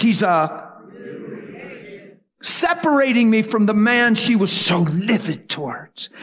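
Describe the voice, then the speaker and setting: Husky preacher swinging from whisper to shout. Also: male voice, a little high. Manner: dramatic storytelling, whispers then shouts. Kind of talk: sermon.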